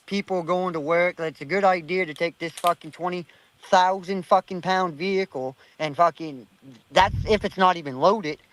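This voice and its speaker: A man's voice: high voice, poor audio. Fired-up, cursing man telling a story. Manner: profane, heated, animated storyteller. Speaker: panelist. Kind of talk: casual storytelling on an online panel.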